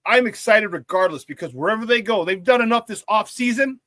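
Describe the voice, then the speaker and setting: Hyped high-voiced sports talk host. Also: male voice, brisk, no room sound. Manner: excitable and hyped, with frequent laughs and slang. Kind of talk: live-streamed sports talk, reading viewer chat.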